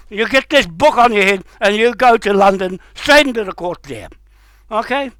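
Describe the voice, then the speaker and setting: Nz guy going off in an angry rant, sharp bright voice, swears and shouts a lot, dry sound. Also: extremely high pitch, lively intonation, moderate pace, no room sound, poor audio. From New Zealand. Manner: heated, confrontational, swearing, bursts into shouting. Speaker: vlogger. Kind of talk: angry ranting monologue.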